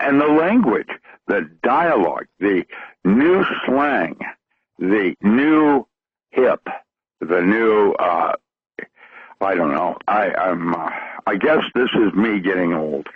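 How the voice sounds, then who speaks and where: A man's voice: deep voice, husky, no room sound, phone-quality sound. A middle-aged man hosting a radio talk show, laughing easily and tossing in short remarks. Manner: animated, quick to laugh, short interjections. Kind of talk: casual radio chat.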